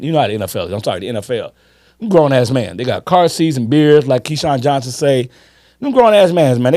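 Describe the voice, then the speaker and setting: A man in his fifties holds forth on a sports podcast. His talk swings widely up and down in pitch, emphatic and salty, with stories that wind on. The sound is dry and close. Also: darkish tone, no echo. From Chicago. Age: 50s. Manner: emphatic, swearing, drawn-out storytelling. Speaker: podcast co-host. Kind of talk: casual sports chat.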